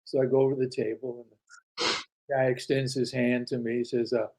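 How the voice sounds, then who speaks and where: A man's voice: medium pitch, flat delivery, brisk, rough recording. An older man telling anecdotes as an interview guest, acting out quoted dialogue with frequent restarts. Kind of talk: casual storytelling interview.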